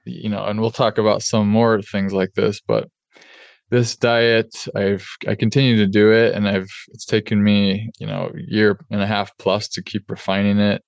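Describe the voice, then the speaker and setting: Low gravelly-voiced man, casual. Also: level tone, normal speed, no room sound, highs cut off. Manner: candid, conversational, many fillers. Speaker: podcast host and oral surgeon. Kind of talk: casual podcast storytelling.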